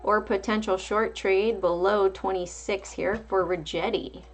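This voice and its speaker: A woman's voice: medium pitch, steady tone, measured pace. A woman hosting a casual live market stream, calling out price levels and chatting back to viewers. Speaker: livestream market host.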